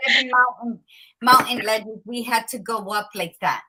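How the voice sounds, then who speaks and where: A woman's voice: on the high side, moderate pace, pushed and bright, breathy edge, rough recording. A woman hosting a casual chat, chatty and dropping in Spanish asides. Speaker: host.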